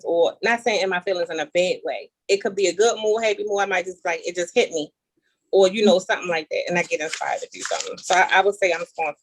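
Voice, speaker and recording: A woman hosting a casual talk show, animated and playful, reading definitions aloud and teasing her guests. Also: on the low side, a little hiss or hum. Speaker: show host. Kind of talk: casual chat.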